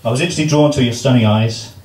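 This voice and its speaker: A man's voice: medium pitch, fast. An English man giving his wedding speech as the groom, joking and poking fun at himself. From England. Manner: joking, self-deprecating. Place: wedding reception venue. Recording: roomy, distant, loud crowd noise.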